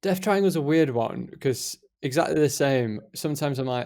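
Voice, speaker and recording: A man's voice: on the high side, expressive, normal speed, hardly any pauses, darkish tone. A man co-hosting a casual podcast chat, jokey and bantering, asking questions. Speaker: podcast co-host.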